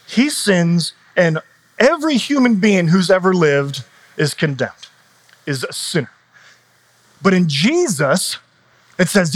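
A middle-aged male pastor delivering a conversational sermon, often restarting phrases and using fillers. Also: high-pitched.

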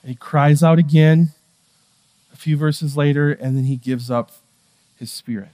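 A man delivers a sermon in an easy, conversational way, full of fillers and asides. His voice sits on the high side for a man. He sinks into soft, hushed stretches and then climbs back to raised, emphatic ones. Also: fairly even intonation, unhurried. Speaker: pastor.

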